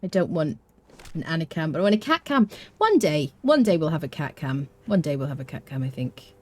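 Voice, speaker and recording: A woman's voice: low voice, fairly quick. Chatty woman streaming a game. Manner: chatty, animated, talks to chat and her cat. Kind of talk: live let's play commentary.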